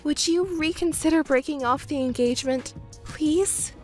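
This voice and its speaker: A woman's voice: sits high, normal speed, soft background music, lightly acted. A woman voicing a young overworked fiancée who pleads and argues back defensively. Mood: pleading. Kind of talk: texting story voice acting.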